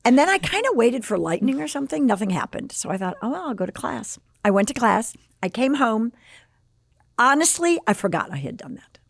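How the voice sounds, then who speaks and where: A woman's voice: on the high side, a little fast, gravelly, no echo. A woman in her sixties from the Chicago area, telling a personal story as a podcast guest and acting out the quoted dialogue. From Chicago area, USA. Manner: animated, acts out quoted dialogue.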